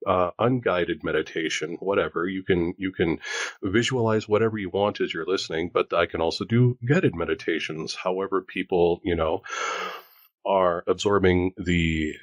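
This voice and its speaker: A man's voice: deep voice, moderate pace, dry recording, dull audio. A man in his forties hosting a casual chat, talking in a rambling, joking way. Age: 40s. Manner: chatty, rambling, self-joking. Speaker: host.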